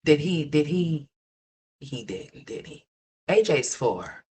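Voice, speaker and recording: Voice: medium pitch, big pitch swings, slow pace, a little mellow. A livestream host giving ranting gossip commentary, blunt and profane, repeating points and talking straight to viewers.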